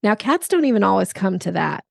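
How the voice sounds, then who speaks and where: A woman sales coach speaking as a podcast guest, explaining with lively examples and putting on playful voices. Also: mid-range voice, brisk, gravelly, no room sound, studio quality. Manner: animated, acts out voices in examples. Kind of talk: podcast interview.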